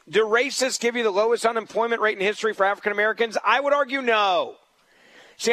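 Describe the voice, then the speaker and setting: A man's voice: high-pitched, pushed and bright, dry recording, rough recording. A man hosting a political talk radio show as a fill-in, talking in an emphatic, combative way and repeating points for stress.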